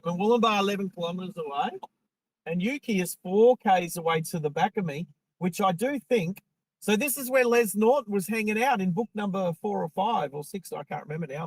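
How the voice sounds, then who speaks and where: Broadcasting live from inside his car while on the road, an Australian driver rambles casually to his viewers. His voice sits high, and the low-quality recording carries no room sound.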